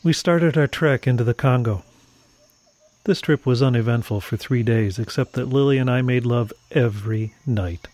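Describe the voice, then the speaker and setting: A man narrating a first-person horror story in a measured, dramatic storytelling manner. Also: medium pitch, darkish tone, no room sound.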